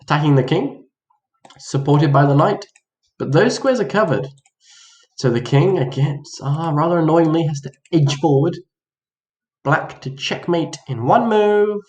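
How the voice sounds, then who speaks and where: A man's voice: on the high side, animated, unhurried, a little mellow. A man giving a casual chess lesson, playful and mock-dramatic, acting out both players' reactions. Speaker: chess teacher. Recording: roomy echo.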